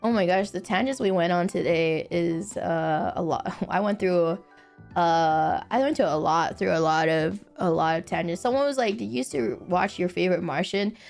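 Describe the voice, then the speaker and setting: A woman streaming casual chat, animated and giggly, laughing often and swearing casually. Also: lowish voice, moderate pace, vocal fry, faint music behind.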